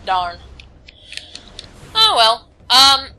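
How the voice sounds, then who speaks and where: A woman's voice: a little high, sing-song, extremely slow, sharp tone, low-quality recording. A woman casually commenting on her gameplay, reading on-screen text aloud and stumbling over words now and then. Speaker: let's play host.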